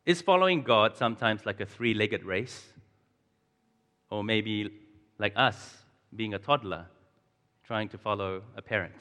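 A man with a fairly low, fairly bright voice preaches a chatty, conversational sermon at an unhurried pace with long pauses. He poses questions to his audience and chuckles often, and the recording carries the long reverb of a large church hall.

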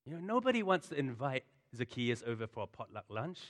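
A pastor giving a sermon in a conversational, animated way, full of asides and storytelling. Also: male voice, mid-range voice, brisk. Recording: long hall reverb.

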